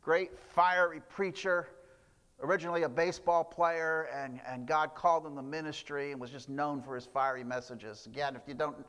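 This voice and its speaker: A man's voice: fairly high pitch, steady tone, moderate pace, a bit bright, long reverb tail. A man preaching a sermon, telling stories with frequent restarts and fillers. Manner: storytelling with repeated restarts and fillers. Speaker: pastor.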